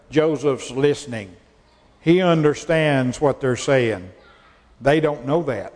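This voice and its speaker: A man's voice: fairly high pitch, lively intonation, measured pace, darkish tone, big-room sound. A male pastor preaching a sermon in a folksy way, repeating phrases for emphasis.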